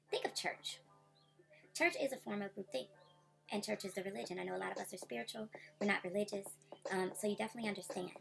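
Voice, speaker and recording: A woman's voice: mid-range voice, creaky. A woman content creator in a blunt, outspoken livestream rant, swearing freely and repeating her points.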